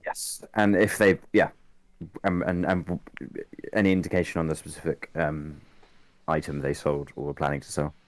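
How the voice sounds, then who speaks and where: A man with a very deep voice plays a tabletop game. He hesitates with many ums and pauses. The close, dry mic has no room echo. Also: little pitch movement. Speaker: player. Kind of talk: playing a tabletop game over a call.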